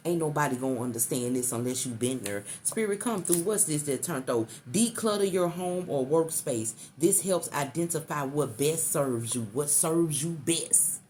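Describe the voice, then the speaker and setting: This tarot reader is a middle-aged woman whose low-pitched, expressive voice is a little mellow, moving at a moderate pace with few pauses. There's a faint hiss or hum as she does an intuitive reading for the viewer. She keeps repeating herself in a coaxing way and calls the listener baby.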